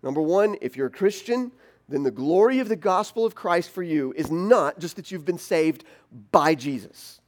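A pastor preaching a sermon in an animated, conversational way, acting out the questions a listener might ask. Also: male voice, fairly high pitch, moderate pace. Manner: animated, teasing and conversational, voices imagined objections.

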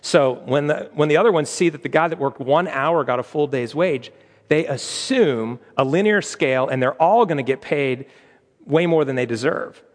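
A man's voice: on the high side, moderate pace, in a large hall. A man preaching an earnest sermon, acting out the voices in the stories he tells. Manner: earnest, acts out quoted voices. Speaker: pastor.

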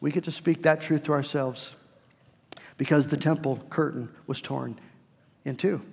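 Male pastor, sermon, high voice, earnest, drawn-out emphasis, long hall echo. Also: fairly even intonation, vocal fry, slightly rough. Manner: earnest, slows and swells for emphasis, repeats words.

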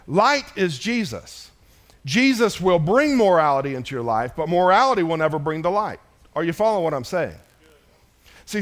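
A man preaching a sermon, swinging between loud, emphatic lines and soft, low asides to the congregation. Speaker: pastor.

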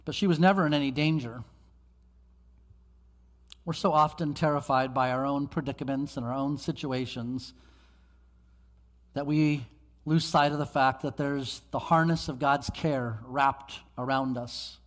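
A man preaching a sermon as pastor, earnest, with sudden swings between quick bursts and slow, quiet emphasis. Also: medium pitch, fairly even intonation. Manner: earnest preaching, dramatic swings in pace and loudness. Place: church sanctuary. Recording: long hall reverb.

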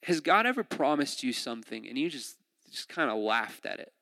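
Joking, bright-voiced young male pastor. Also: mid-range voice, big pitch swings, fairly quick, no room sound. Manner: jokey, laughs often, restarts mid-sentence. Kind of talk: conversational sermon.

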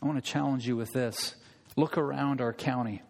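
A man's voice: medium pitch, fairly even intonation, normal speed, vocal fry. A man preaching a sermon in a church, emphatic and impassioned, building his points with repetition and rhetorical questions. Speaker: pastor. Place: church sanctuary. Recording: long reverb of a large hall.

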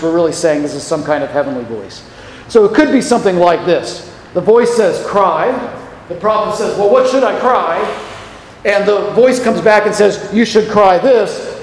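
A man preaching a sermon, lively and acting out the voices in the passage he reads. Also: high voice, slight background noise. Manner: animated, acts out the voices of the passage. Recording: echoey hall with long reverb.

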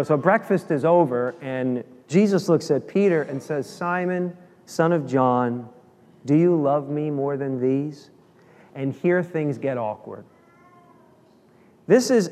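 A man preaching with a somewhat high voice, animated and expressive, acting out the lines of the people in his story. His voice carries a long reverb from the church hall he speaks in. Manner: animated, acts out quoted dialogue. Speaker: pastor. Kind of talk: sermon.

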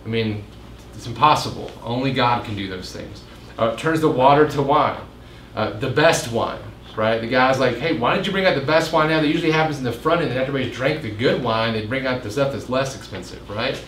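A pastor giving a casual midweek Bible teaching, chatting with jokes and asides and acting out quoted lines in a raised voice. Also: male voice, brisk, fairly bright tone. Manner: conversational, jokes and asides, acts out quotes with rising pitch. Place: meeting room. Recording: roomy echo, faint room noise.

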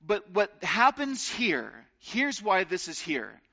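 A man preaching a sermon, earnest and slowing down to stress key phrases. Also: high-pitched, big pitch swings, bright, forceful tone, highs cut off. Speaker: pastor.

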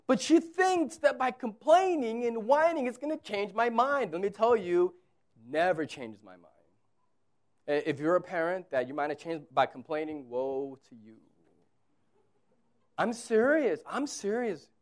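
Pastor, man, 30s, high-pitched voice; casual sermon, quiet asides and loud repeated emphasis. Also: lively intonation, moderate pace. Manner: conversational preaching, swings from quiet to loud emphatic repetition.

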